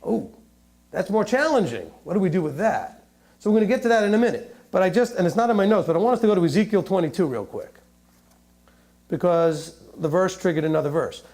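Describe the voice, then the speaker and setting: Animated high-voiced male Bible teacher. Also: fairly quick. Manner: joking asides, laughing at his own humor. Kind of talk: teaching sermon reading and explaining scripture verse by verse.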